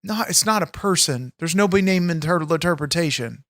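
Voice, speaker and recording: A man's voice: a little high, animated, a little fast, a bit bright, no room sound, studio quality. A man co-hosting a comedy podcast, ranting in exasperation and swearing constantly. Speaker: podcast co-host. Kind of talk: comedic banter.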